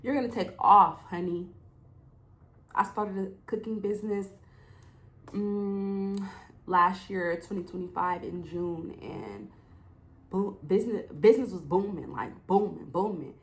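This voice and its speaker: In a low-quality recording, a young woman speaks unhurriedly at medium pitch on her own casual podcast. She turns emotional and preachy, dramatizing the talks she has with God.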